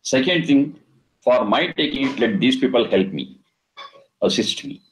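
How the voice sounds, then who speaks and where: A man teaching a scripture lesson. He explains Sanskrit words slowly and deliberately, and he repeats and chants the terms. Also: medium pitch, animated, slight background noise, poor audio. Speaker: Vedic teacher.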